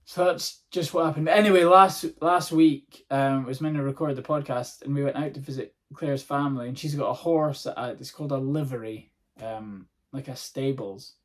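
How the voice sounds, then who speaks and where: A man, a comedian hosting his own podcast, telling rambling, sweary stories in a casual monologue. He is hoarse from a sore throat. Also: medium pitch, steady tone, normal speed.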